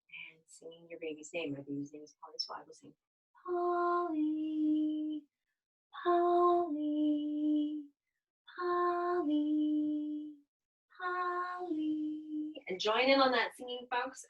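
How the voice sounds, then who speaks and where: Young woman teaching baby yoga, soft and gentle, bright tone. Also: lowish voice, dull audio. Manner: gentle, soothing, sing-song. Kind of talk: guided class instruction with singing.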